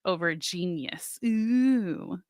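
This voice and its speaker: A woman's voice: lowish voice, expressive, extremely slow, a little mellow, dry recording. A woman co-hosting a podcast in casual chat, talkative and self-deprecating, laughing easily. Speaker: podcast co-host.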